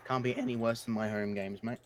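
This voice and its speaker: A man playing in an online tabletop game, chatting quickly and offhandedly on a voice call. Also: medium pitch, steady tone. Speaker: player. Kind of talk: casual chat on a voice call.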